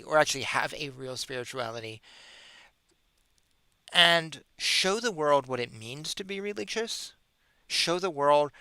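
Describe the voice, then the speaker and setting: A man talking alone into a computer mic on his own spirituality podcast, sarcastic and exasperated. His voice is bright and smooth, and it sounds dry and close, with no room sound around it. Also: mid-range voice, no echo. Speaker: podcast host. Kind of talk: solo commentary podcast. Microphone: webcam or computer mic.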